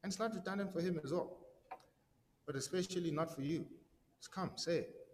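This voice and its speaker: A man's voice: a little high, fairly quick, darkish tone, big-room sound, slight background noise. A man giving a casual, conversational sermon, slangy and full of "right?" tags and repeated words. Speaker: preacher.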